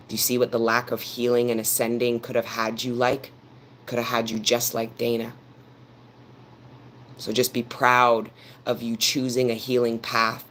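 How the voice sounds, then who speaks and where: A man of middle pitch leads a tarot reading, lecturing his viewers in a firm, earnest tone. His delivery stays fairly monotone and keeps circling back to the same phrases for weight. A faint hum sits under his voice. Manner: earnest, preaching directly to his audience; repeats phrases for emphasis. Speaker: tarot reader.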